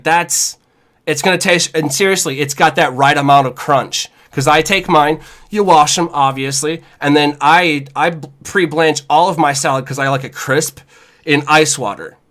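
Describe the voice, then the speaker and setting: A chef co-hosting a podcast, talking in a casual, animated, profane rant with lots of "y'all.". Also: male voice, a little high. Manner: animated, profane, says "y'all" and "you know what I'm saying".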